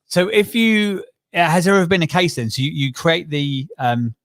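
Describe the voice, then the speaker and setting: A man's voice: fairly high pitch, expressive, moderate pace. A male host asking a guest curious, probing questions in a studio interview. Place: London studio.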